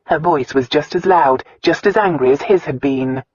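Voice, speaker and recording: A woman narrating an audiobook in a measured, calm storytelling manner. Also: sits low, breathy edge, dull audio. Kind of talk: scripted narration.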